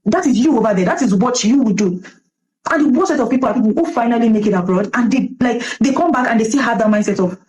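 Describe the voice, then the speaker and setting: A young woman with a Nigerian accent speaks quickly and emphatically in a passionate social commentary, pleading with her listeners. Her delivery is urgent and preachy. A faint hiss sits under the recording. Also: medium pitch, warm tone, rough recording.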